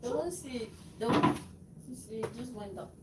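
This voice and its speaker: A woman's voice: fairly high pitch, lively intonation, moderate pace, far from the mic. A woman co-hosting a casual livestream, giggling and stammering as she protests the teasing. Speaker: wife and co-host. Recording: echoey noisy home livestream.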